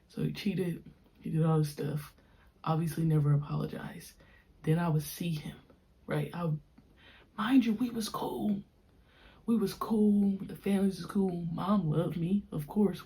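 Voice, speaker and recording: Brief: young female podcast host, mellow lowish voice, animated casual storytelling. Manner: animated, slangy and frank.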